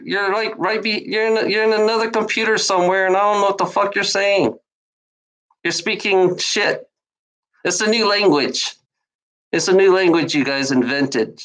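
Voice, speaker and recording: A woman's voice: lowish voice, low-quality recording. Sarcastic woman ranting at trolls. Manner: sarcastic, profane and rambling, with many repeats; mocking laughs. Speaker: streamer answering online trolls. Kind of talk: casual rant to a live audience.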